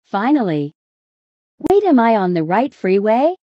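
A woman narrating comedy sketches in a dry, unhurried, deadpan manner. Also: medium pitch, no echo, highs cut off.

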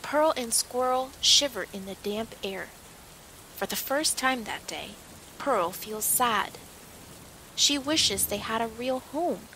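A woman reading a children's story aloud, slow and unhurried, her voice rising and falling expressively. Her tone is fairly high and gentle. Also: expressive, slight background noise, rough recording. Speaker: storybook reader.

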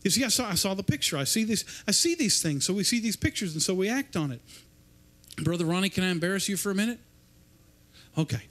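High-voiced preacher, rambling. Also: male voice, expressive, quick pace, fairly bright tone. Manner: rambling, repeats and restarts words. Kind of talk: informal sermon. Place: church service.

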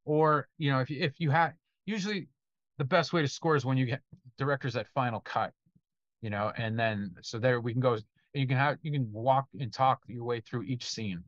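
A man's voice: medium pitch, moderate pace, dry recording, dull audio. A man who composes film music, answering student questions in a loose, conversational way, now and then swearing and acting out what directors tell him. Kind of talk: casual Q&A talk.

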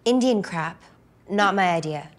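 A woman playing a sarcastic, deadpan studio worker in a comedy sketch. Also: fairly low pitch, unhurried.

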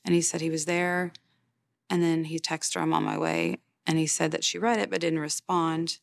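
A woman in her forties speaks in a deep, heavily gravelly voice, telling her story plainly and haltingly with lots of fillers and restarts. The sound is dry and close, with no room around it. It is an interview for a documentary. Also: level tone, dry recording. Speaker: grieving mother interviewed for a documentary. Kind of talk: personal testimony in an interview.

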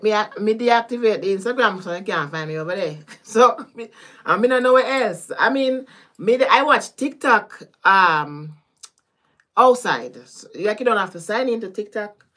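Chatting casually with viewers on a live stream, this Caribbean tarot reader speaks in a mid-range voice with a Jamaican-style patois accent. She's animated and talkative, laughs often and swears without restraint.

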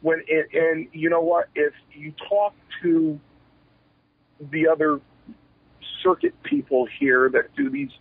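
Animated man telling stories over a phone line. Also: a little high, takes it slowly, gravelly, slightly rough, no echo. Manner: animated, acts out quoted exchanges, restarts sentences. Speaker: retired pro wrestler, interview guest. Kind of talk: candid storytelling interview. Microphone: telephone.

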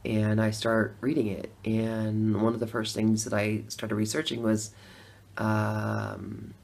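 A middle-aged woman telling her own story in a chatty testimonial vlog, laughing between lines and swinging from hushed to loud. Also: very deep voice, monotone, slow pace, vocal fry.

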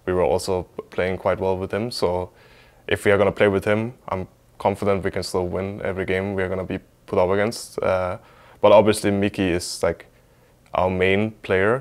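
A man's voice: low voice, clean tone. A man, an esports team player, talking informally in a documentary interview, hedging often with lots of fillers.

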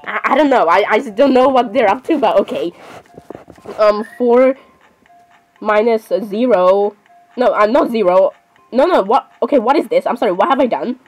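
A woman giving casual, excitable commentary while playing a game, apologizing constantly and talking to herself. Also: a little high, moderate pace, highs cut off, faint music behind. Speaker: gamer.

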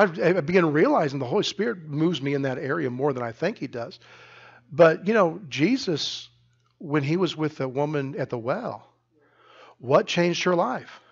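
Animated preaching man, slightly high voice. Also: husky, highs cut off. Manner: animated storytelling with many restarts. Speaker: pastor. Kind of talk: sermon. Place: church sanctuary.

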